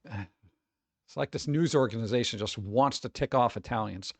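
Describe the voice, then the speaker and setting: A man's voice: medium pitch, moderate pace, no room sound. Exasperated sarcastic streamer guy. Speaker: streamer reacting to food videos. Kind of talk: casual live-stream commentary.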